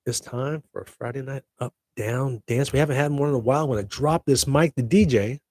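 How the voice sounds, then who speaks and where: A man's voice: mid-range voice, fairly quick, darkish tone, no room sound. A middle-aged man hosting his own podcast, chatty and upbeat with jokey asides. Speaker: podcast host. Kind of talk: casual solo podcast chat.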